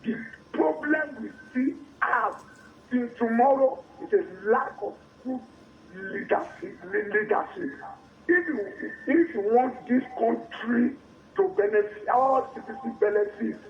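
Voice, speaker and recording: A caller rings a radio show and speaks slowly and fervently, circling back over his words. His voice is very high for a man and gravelly. The line sounds dull and echoey, with faint hiss behind it. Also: lively intonation. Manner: slow, fervent, repetitive. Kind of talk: phone-in call.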